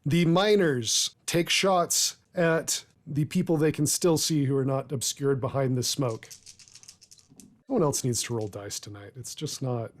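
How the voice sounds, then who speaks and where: A man narrating as game master of a tabletop game, measured and deliberate, with filler pauses. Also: mid-range voice.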